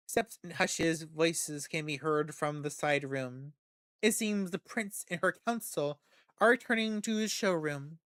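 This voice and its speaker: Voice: mid-range voice, unhurried, a bit bright. A game streamer narrates a visual novel aloud, often tripping over words and repeating them, with casual asides in between. The voice sits in a middle register. The recording is dry and close, with no room echo.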